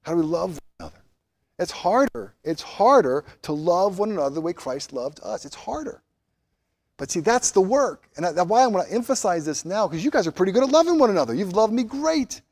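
A man preaching a sermon as pastor of a church, swinging between loud emphatic rises and quiet, low passages, closing in prayer. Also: fairly quick. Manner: animated, rising loud on emphasis, dropping soft and low.

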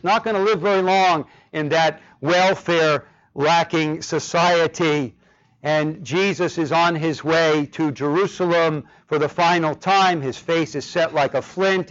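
A man preaching a sermon with passion, his voice rising to loud cries on key words. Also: on the high side. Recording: dull lo-fi sound.

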